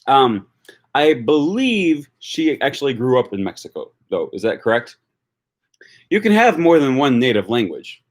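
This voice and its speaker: A man's voice: mid-range voice, big pitch swings, moderate pace. A man hosting a casual livestream about language learning, thinking aloud with many ums and answering viewer comments. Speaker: language-learning YouTuber hosting a live discussion.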